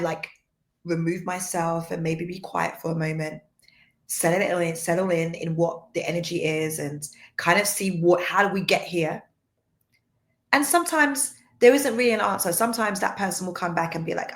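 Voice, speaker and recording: A woman giving a livestream faith teaching, soft-spoken and earnest, repeating points for emphasis. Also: on the low side, normal speed. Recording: roomy echo.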